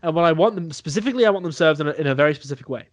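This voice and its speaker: A man's voice: fairly high pitch, expressive, rapid-fire, no room sound. A young man co-hosting a podcast, chatting over beers, enthusing about food with restarts and the odd swear. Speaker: podcast co-host. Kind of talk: casual chat over beers.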